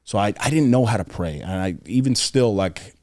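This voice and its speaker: A man's voice: fairly low pitch, expressive, moderate pace, darkish tone, dry recording, studio quality. A young man guesting on a podcast, earnestly telling personal stories in casual conversation, with frequent fillers and restarts.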